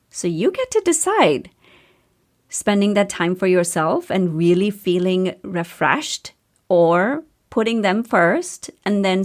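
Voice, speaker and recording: A woman in her thirties hosting a podcast, talking candidly and casually with a storyteller's chatty flow. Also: mid-range voice. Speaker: podcast host and coach.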